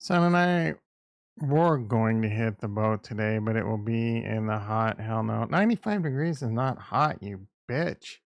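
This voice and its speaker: A man's voice: lowish voice, unhurried, vocal fry, no room sound. A middle-aged man hosting a livestream, chatting in a blunt, rambling, crude way. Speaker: livestream host. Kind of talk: casual livestream chat.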